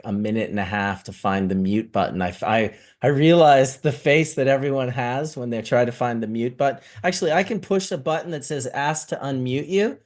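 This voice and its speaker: A man's voice: medium pitch, darkish tone. A man hosting a casual livestream, laid-back and slangy as he greets people joining. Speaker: livestream host. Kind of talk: casual stream chat.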